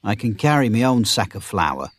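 A bold, quick-tempered young miller speaks in a raised, lively voice, put on by a male storybook reader. He sounds husky and close to the mic in a dry space. The voice swings widely in pitch. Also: dry recording. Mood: indignant. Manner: high-pitched, shouting when angry.

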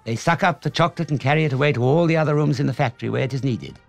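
A man voicing an excitable, eccentric chocolate-factory owner, exclaiming proudly in a storybook reading. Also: medium pitch, very fast, vocal fry, faint music behind, lightly acted.

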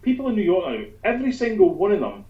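A man with a Scottish accent, an author chatting as an interview guest, telling animated, sweary anecdotes. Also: high-pitched, fast talker. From Scotland. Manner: animated storyteller, swears freely. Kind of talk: casual interview chat. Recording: dull lo-fi sound.

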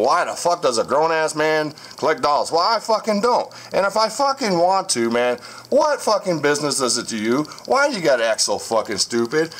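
This man, who hosts a channel about haunted dolls, talks profanely and combatively to a camera on a stand, berating his commenters in a casual home vlog. His voice is a little high with a fairly bright tone, and there's slight background noise. The setting is a room at home with dolls and a crib.

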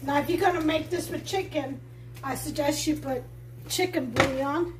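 A woman with a Brooklyn accent hosting a home cooking show, chatting warmly to viewers as she demonstrates a recipe. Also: sits high, moderate pace, noisy background. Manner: chatty, enthusiastic, talks to viewers. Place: home kitchen.

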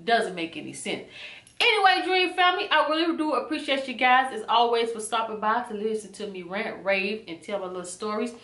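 A woman vlogger telling a storytime rant in an animated, indignant way. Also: fairly high pitch, brisk. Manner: animated, indignant storytelling with a few whispered bits. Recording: echoey room.

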